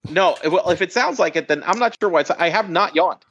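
A woman's voice: on the low side, lively intonation, brisk, fairly bright tone, husky. A woman co-hosting a podcast in casual chat, swearing freely and tripping over restarts. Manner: profane, exasperated, stammering restarts. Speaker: podcast co-host. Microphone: remote call line.

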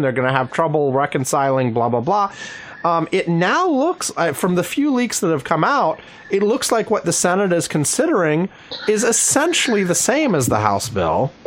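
A man co-hosting a casual political chat, calmly explaining things in a measured way. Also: on the high side.

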